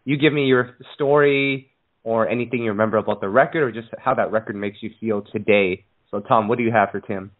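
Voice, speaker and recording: Easygoing podcast host on a phone line. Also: male voice, on the low side, fairly quick. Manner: easygoing, steers the segment. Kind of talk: casual interview. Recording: phone-like narrow sound.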